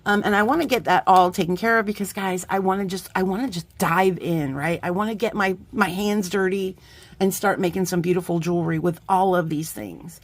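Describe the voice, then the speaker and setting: A middle-aged woman vlogger chatting casually while unboxing craft supplies, effusive and quick to laugh, often trailing off mid-sentence. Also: on the low side, fairly even intonation, no room sound.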